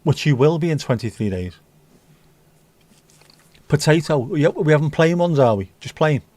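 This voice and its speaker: A middle-aged man hosts a livestream, rambling casually as he reads out viewer comments. His voice is a little high with a darkish tone and lively intonation, at a moderate pace with no echo.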